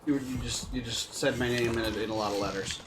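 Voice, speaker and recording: A man guesting on a live stream, chatting casually in a relaxed, halting way. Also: medium pitch, noisy background.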